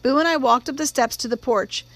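A woman reading a novel aloud in calm, measured audiobook narration. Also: sits high, poor audio. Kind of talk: scripted narration.

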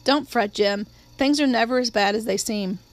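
A woman voicing a brisk, kind, older neighbor woman who speaks crisply and firmly. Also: on the high side, natural voice.

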